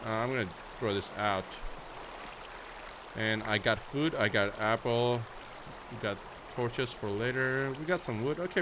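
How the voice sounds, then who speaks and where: Playful young gaming commentator, noisy mic. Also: male voice, mid-range voice. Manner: playful, chatty, talks to viewers as "guys"; bursts into shrieks and baby talk at his horse. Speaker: gaming YouTuber. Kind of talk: Minecraft let's play commentary.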